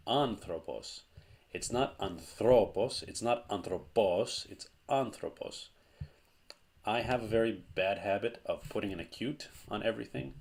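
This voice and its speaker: A man teaching a language lesson in a patient, explanatory way, repeating key points for emphasis. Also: deep voice.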